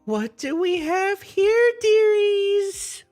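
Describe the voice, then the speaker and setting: A woman's voice: extremely high pitch, animated, a little mellow, faint music behind, voice pushed up, heavily acted. A woman voicing a sweetly menacing old hag who presses tea on her guests and calls everyone dearie. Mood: cloying. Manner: cloying, calls everyone dearie, drawn-out words.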